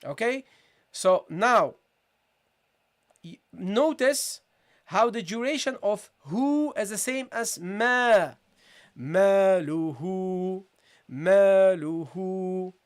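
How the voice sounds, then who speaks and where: A man's voice: very high-pitched, expressive, fairly bright tone. A man teaching Quran recitation in a live online lesson, speaking patiently and repeating points while checking in with viewers. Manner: repetitive, checking in with viewers, slow demonstration of sounds. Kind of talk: live-streamed tajweed lesson.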